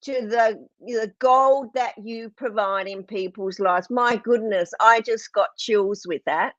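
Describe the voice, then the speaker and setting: A woman's voice: on the high side, slow, few pauses, fairly bright tone. A woman hosts an online interview, talking with eager enthusiasm and frequent restarts. Her voice comes through a dull, muffled video-call line. The sound is dry, with no room echo. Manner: enthusiastic, many restarts and fillers. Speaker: host.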